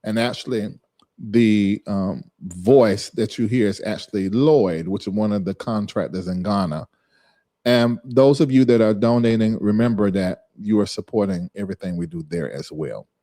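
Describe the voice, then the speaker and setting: A man's voice: lowish voice, normal speed, warm tone. Chatty man hosting a live stream. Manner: chatty, repeats and drills a word's pronunciation; talks to chat viewers by name. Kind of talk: casual live-stream talk to viewers.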